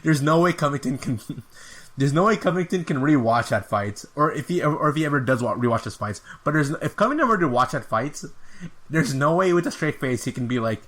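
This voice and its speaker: A man's voice: on the high side, lively intonation, brisk, fairly bright tone. A man hosting a podcast, giving a casual, rambling fight review with an exasperated tone and lots of filler words. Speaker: podcast host.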